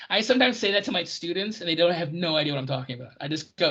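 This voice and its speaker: Excitable ranting podcast co-host, lo-fi. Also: mid-range voice, fast talker, hardly any pauses, slightly rough. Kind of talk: casual chat about old TV. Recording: dull lo-fi recording.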